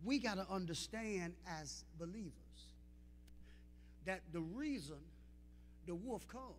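A young adult man preaching a sermon as pastor, calling out to the congregation, building to shouts and sung, chanted lines. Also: high-pitched, lively intonation, takes it slowly, big-room sound, a little hiss or hum. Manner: call-and-response preaching, rising to shouts and sung phrases. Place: church sanctuary.

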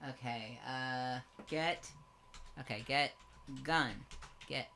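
A woman's voice: a bass voice, slow pace, music in the background. A woman co-hosting a retro game stream, casually chatting and reading the game's text aloud with frequent laughs. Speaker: co-host playing the game. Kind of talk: casual let's-play chat.

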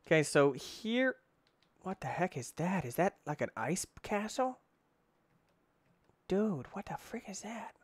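A young man giving excitable let's play commentary, talking to himself, exclaiming and using mild cursing substitutes. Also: high-pitched, a little slow, pauses often, husky, no echo. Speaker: gaming YouTuber.

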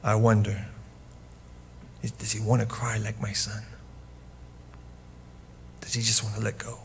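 A man preaching a sermon as pastor, speaking in an intimate, hushed way that sinks to whispers and then swells into forceful emphasis. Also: fairly low pitch, level tone, measured pace, gravelly, a little hiss or hum. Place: church.

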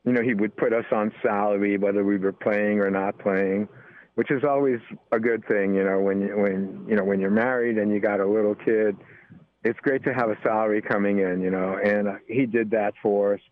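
A man's voice: lowish voice, fairly even intonation, brisk, no room sound. An older American man, a guest musician, chatting casually and rambling with many fillers. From United States. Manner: rambling, full of "you know" fillers. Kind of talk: casual interview talk. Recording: tinny phone-line sound.

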